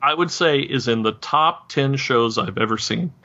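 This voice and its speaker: A man hosting a podcast in loose, animated conversation, rambling and laughing as he goes. His tone is bright and forceful at a mid pitch, and the recording sounds dull and lo-fi. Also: normal speed. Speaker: podcast host. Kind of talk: casual chat.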